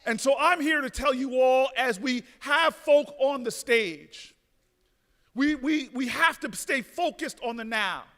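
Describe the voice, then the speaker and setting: A man with a strikingly high, sharp and forceful voice gives a rousing speech in a large ballroom. He trips into repeated starts, then climbs to shouted peaks. His words ring out with a long hall echo from the podium mic. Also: a little slow. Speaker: speaker at a convention. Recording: reverberant ballroom.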